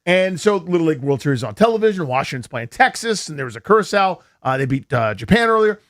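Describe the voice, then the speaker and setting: Fast and on the high side, an American sports radio host spins rambling, jokey tales during a laid-back studio chat. He comes across as an animated storyteller, captured by a studio microphone.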